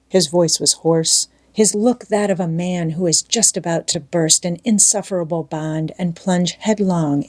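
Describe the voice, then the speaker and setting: A woman narrating a classic novel as an audiobook in a measured, expressive reading. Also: lowish voice. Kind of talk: scripted narration.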